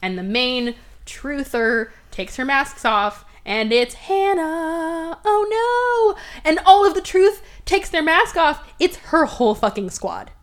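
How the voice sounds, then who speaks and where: A woman's voice: sits high, slow. Woman on a podcast gushing through a movie recap, voice up a bit, does all the characters, cusses a lot. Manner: animated recapping, acting out characters' quotes; swears freely. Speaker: podcast host. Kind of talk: casual movie review chat.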